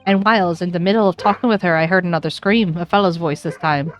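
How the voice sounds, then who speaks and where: Woman doing a lilting Irish gentleman witness, rambling. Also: lowish voice, fast, soft background music, lightly acted. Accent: put-on Irish. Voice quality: lilting, folksy turns of phrase.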